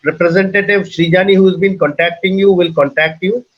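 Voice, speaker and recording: A man's voice: high voice, steady tone, fairly quick. A man hosting an online webinar, assertive and persuasive as he wraps up the session. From India. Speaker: webinar host and organizer. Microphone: video call. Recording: muffled lo-fi call audio.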